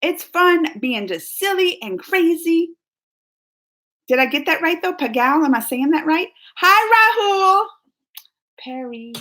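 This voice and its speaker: A woman's voice: sits high, animated, measured pace, a bit bright. A woman from New Orleans with a Southern accent, chatting casually and giggling as she reads viewer comments on her live stream. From New Orleans, Louisiana, US. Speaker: YouTube host.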